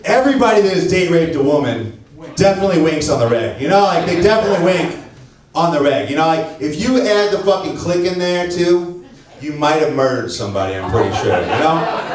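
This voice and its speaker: A stand-up comedian from St. Louis, Missouri, performs a brash, profane set on a comedy club stage, teasing audience members as the crowd laughs. His voice is fairly high, animated and quick, caught by a distant mic in an echoey club recording.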